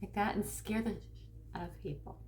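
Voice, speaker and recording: Her voice is medium-pitched and a little mellow as she addresses the camera informally. This spiritual coach and tarot reader from Northern California wanders with restarts, performs quotes, and eases her pace when making important points.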